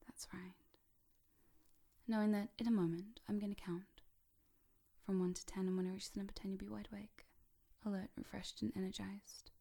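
A woman guiding a hypnosis session, dropping to slow whispers to sink the listener and lifting her voice to wake them, counting slowly. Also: medium pitch, little pitch movement, gravelly. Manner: switches between sinking whispers and bright rising calls.

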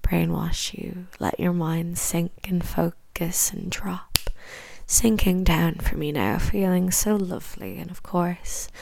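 An Irish woman whispers a hypnosis induction right up against a close mic, unhurried and repetitive. Her low, gravelly voice drifts from one soothing suggestion to the next, in a dry, dead room with no echo. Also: darkish tone.

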